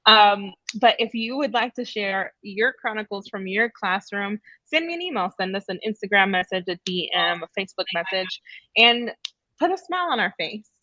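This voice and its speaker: A woman's voice: mid-range voice, animated, moderate pace, pushed and bright, no room sound, muffled recording. A woman who used to teach, hosting a casual storytelling segment on a live stream in an upbeat, chatty way that often breaks into laughter.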